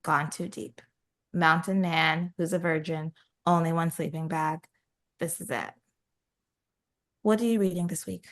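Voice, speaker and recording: A woman co-hosting a book podcast, retelling a story in a lively, animated way and jumping higher to voice characters. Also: a little slow, pauses often. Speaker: podcast co-host. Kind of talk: casual book chat.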